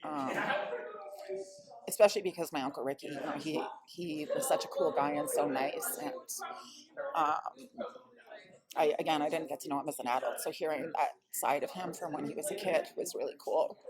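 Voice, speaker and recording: Woman vlogger, psychic medium; lowish voice, earnest and rambling, chatter of a crowd behind. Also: steady tone, moderate pace, low-quality recording. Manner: earnest, rambling, with many fillers. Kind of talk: casual personal storytelling vlog.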